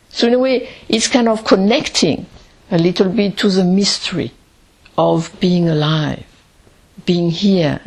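A woman teaching Zen meditation in a calm, reflective way, pausing often between phrases. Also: mid-range voice. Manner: slow, calm and reflective, with long pauses.

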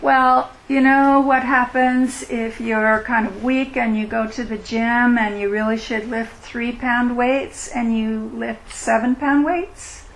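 A woman teaching mindfulness at a retreat and answering questions, in a gentle, reflective way that acts out inner thoughts. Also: a little high, steady tone, slow pace, few pauses, a little hiss or hum, poor audio. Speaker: meditation teacher.

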